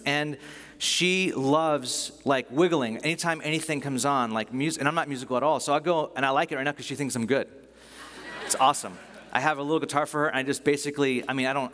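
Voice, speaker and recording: A man's voice: mid-range voice, a bit bright. A man preaching a sermon in a conversational, enthusiastic way, often restarting his sentences. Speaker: pastor. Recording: long hall reverb.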